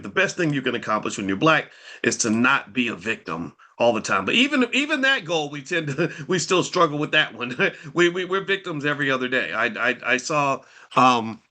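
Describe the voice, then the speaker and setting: Speaking directly to his audience in off-the-cuff commentary, a man with a mid-range voice sounds animated and rhetorical. He fires off pointed questions one after another and keeps restarting his phrases.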